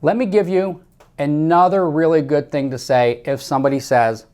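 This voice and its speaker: A man's voice: a little high, brisk, darkish tone. A man coaching salespeople in a training talk, emphatic and repetitive, speaking straight to the listener with firm instructions.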